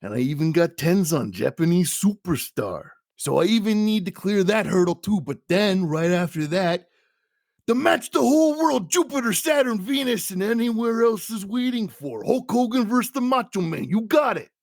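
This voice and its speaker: A man voicing a brash, bombastic male wrestler showman with a loud, grandiose, drawn-out delivery. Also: high voice, expressive, no echo, studio quality, voice pushed up.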